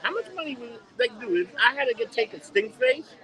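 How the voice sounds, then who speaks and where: A man's voice: extremely high pitch, expressive, brisk, crowd noise, rough recording. A man co-hosting a podcast in casual chat, loose and opinionated, saying "dude" a lot. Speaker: podcast co-host.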